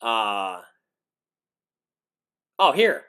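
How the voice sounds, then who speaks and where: Man, lawyer, live reaction commentary, incredulous, rambling, swinging pitch. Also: very animated, extremely slow, pushed and bright, smooth. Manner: incredulous, laughing, rambling with restarts.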